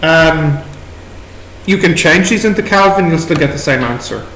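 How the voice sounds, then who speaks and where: Irish male tutor, high voice, echoey classroom. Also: normal speed, fairly bright tone. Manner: questioning, prompting students step by step. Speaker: maths tutor. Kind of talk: working through exam questions with students. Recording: echoey room recording with background noise.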